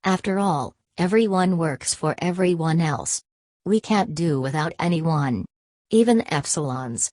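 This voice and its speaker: A woman's voice: deep voice, expressive, measured pace, a little mellow, no echo, studio quality. A woman reading the lines of a cheerful, conventional young woman who pleads and insists, in a storybook recording. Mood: pleading.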